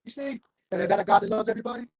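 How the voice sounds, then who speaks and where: A man's voice: sits high, racing, dry recording. A man giving a fiery, confrontational street sermon, reading scripture aloud and calling on listeners. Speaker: street preacher.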